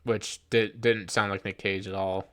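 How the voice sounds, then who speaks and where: A man's voice: on the low side, level tone, unhurried, fairly bright tone. A young man co-hosting a podcast, chatting casually about a movie, rambling with restarts and mock quotes. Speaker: podcast co-host. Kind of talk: casual movie review chat.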